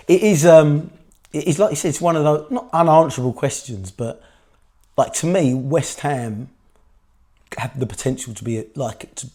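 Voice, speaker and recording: A man with a croaky voice, co-hosting a football podcast in relaxed, rambling chat. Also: mid-range voice. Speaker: podcast co-host.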